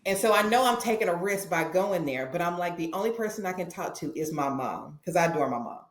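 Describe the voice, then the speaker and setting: A woman's voice: lowish voice, fast talker. A woman guest on a podcast, telling a personal story and acting out the dialogue with feeling. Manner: animated, acts out dialogue in her stories. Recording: roomy echo.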